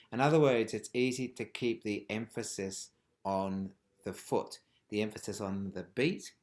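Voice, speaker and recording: A man teaching a live online rhythm workshop, chanting rhythmic words and dropping from loud calls to whispers. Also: fairly low pitch, fairly even intonation, a little slow. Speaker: music teacher. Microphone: video call.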